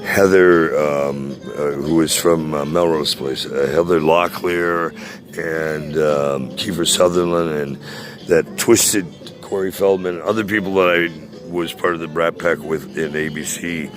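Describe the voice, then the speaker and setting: A man's voice: very deep voice, steady tone, a little slow. A man in his sixties ranting casually to a friend, profane and boastful, rambling with many hesitations. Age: 60s.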